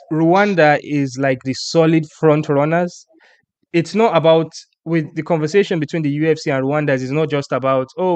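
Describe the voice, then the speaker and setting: A man hosting a casual sports chat, animated and rambling, often restarting his sentences. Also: fairly high pitch, no echo. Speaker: podcast host.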